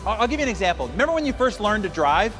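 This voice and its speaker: A man's voice: high voice, big pitch swings, racing, a bit bright. A man giving an emphatic motivational speech, telling stories and acting out quotes along the way. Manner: emphatic, storytelling with acted quotes. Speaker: motivational speaker. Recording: long hall reverb with faint music.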